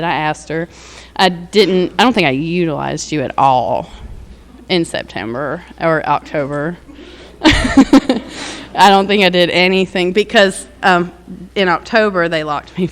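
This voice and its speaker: Candid woman sharing her story. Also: on the low side. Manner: candid, rambling, frequent fillers and laughs. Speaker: recovery speaker. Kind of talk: personal testimony.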